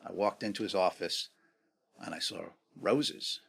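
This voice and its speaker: A middle-aged man from New York talks in a low-pitched voice as an interview guest. He tells stories in a casual, animated way and drops rhetorical questions as he goes. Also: moderate pace, gravelly. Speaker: guest, negotiation expert.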